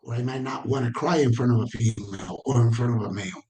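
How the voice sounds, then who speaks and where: A man's voice: medium pitch, fast talker, darkish tone. Man giving a conversational training lecture. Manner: conversational, checks in with "right?".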